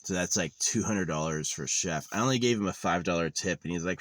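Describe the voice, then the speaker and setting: A man's voice: deep voice, a little fast, no echo. A man in his thirties vlogging in a meandering, sardonic monologue, swearing casually as he goes. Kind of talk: rambling monologue. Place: lives in a van.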